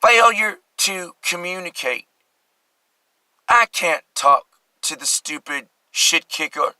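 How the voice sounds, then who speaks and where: A man with an East Coast American accent ranting fast and hyped up in a rambling self-analytic monologue, with sudden loud bursts. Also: fairly high pitch, no echo, rough recording. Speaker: vlogger.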